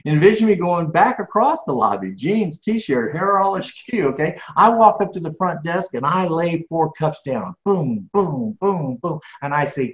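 A professional speaker appearing as a guest answers interview questions with animated stories, acting out dialogue and repeating words. His voice runs on the high side at a measured pace, with hardly any pauses. The lo-fi audio sounds echoey and dull.

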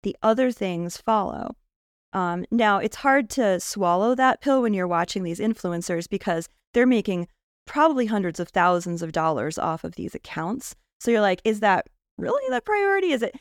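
A woman's voice: medium pitch, normal speed, no room sound, studio quality. A woman on a casual panel podcast, thoughtful and laughing lightly between her points.

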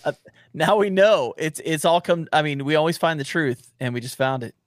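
Dude hosting a podcast, jokey n teasing, slightly high voice, dry sound. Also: male voice, lively intonation, normal speed, dry recording. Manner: joking, teasing, stammering restarts. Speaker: podcast host. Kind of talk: casual podcast chat.

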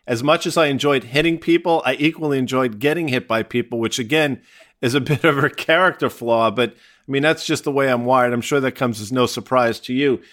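A man's voice: medium pitch, a little fast, fairly bright tone. Teasing, joking male podcast host. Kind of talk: casual podcast conversation.

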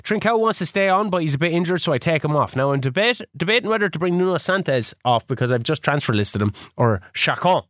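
A man rambles through a game recap with excitable, sweary energy. His voice sits fairly high, and the sound is dry and close. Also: fast, hardly any pauses, no echo. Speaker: podcast host. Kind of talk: casual gaming podcast chat.

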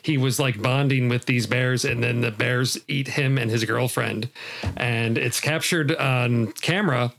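A man's voice: mid-range voice, measured pace, gravelly, fairly bright tone. A man co-hosting a casual film podcast, earnest, often restarting and repeating words. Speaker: podcast co-host.

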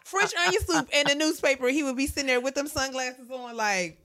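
A woman's voice: sits high, fairly quick. A woman co-hosting a podcast in casual chat, telling stories with playful asides. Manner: lively storyteller, playful asides. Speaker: podcast co-host.

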